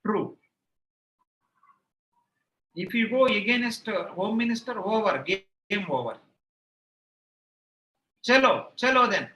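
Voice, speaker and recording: A man's voice: high-pitched, expressive, takes it slowly, long pauses, bright, forceful tone, roomy sound, low-quality recording. A man with an Indian English accent, an online exam-prep teacher chatting with his live class, repeating phrases and mocking himself playfully. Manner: repeats phrases, rambling anecdotes, playful self-mockery. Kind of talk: chatty aside in a live class, answering chat.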